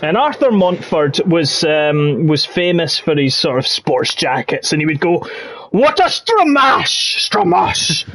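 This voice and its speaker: A man leading live commentary on an online racing league, chatty between bursts of excited race calling. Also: on the high side, measured pace, few pauses. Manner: chatty, rises to excited shouting at race action.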